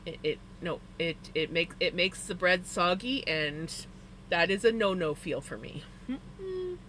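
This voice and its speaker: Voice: medium pitch, measured pace, sharp tone, slight background noise. A live streamer chatting casually with viewers, telling rambling personal stories full of "like" fillers and stating preferences emphatically. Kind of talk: casual chat to a live audience.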